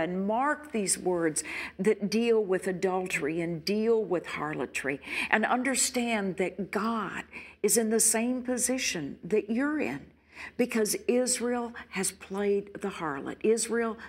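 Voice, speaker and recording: An older woman teaching the Bible on air, earnest and pleading, at times voicing a wounded spouse's words. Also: medium pitch.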